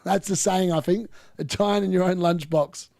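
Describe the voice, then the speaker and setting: A man hosting a live football watchalong, commenting on play and ranting opinions, getting excitable and yelling at chances. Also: high-pitched, moderate pace, creaky, no echo, studio quality. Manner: excitable, yells at chances on screen. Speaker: host of a fantasy football watchalong.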